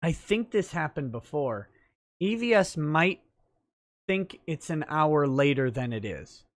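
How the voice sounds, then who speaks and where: A man's voice: fairly high pitch, big pitch swings, unhurried, no echo, clean studio sound. A man hosting a livestream, explaining legal matters in a casual, thinking-aloud way with fillers. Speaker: livestream talk show host and lawyer.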